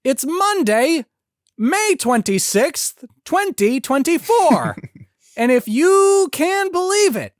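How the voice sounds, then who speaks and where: A nasal, shouting director figure with strange rhythmic stresses, as a man puts him on. The voice jumps well above the performer's own, loud and high. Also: very animated, takes it slowly, dry recording, studio quality, full character voice. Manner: yelling with odd stresses in a sing-song rhythm.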